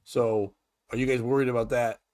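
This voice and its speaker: A man's voice: mid-range voice, little pitch movement, moderate pace, a little mellow, no echo. A man hosting a morning talk show, talking loosely and crudely, rambling and laughing as he retells stories. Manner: crude, rambling, laughs often, acts out quotes. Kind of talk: casual chat.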